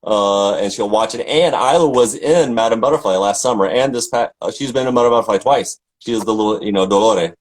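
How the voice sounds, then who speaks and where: A man's voice: lowish voice, fairly quick, hardly any pauses, poor audio. A middle-aged man from Tennessee, an opera singer chatting casually and telling stories with lots of fillers and restarts. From Tennessee, USA. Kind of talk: casual chat.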